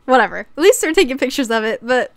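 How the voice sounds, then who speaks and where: A woman's voice: high voice, sing-song, fast talker, dry recording. A young woman vlogging casually to camera about crochet patterns, chatty and prone to fits of laughter. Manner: giggly, bursts into laughter, says okay often.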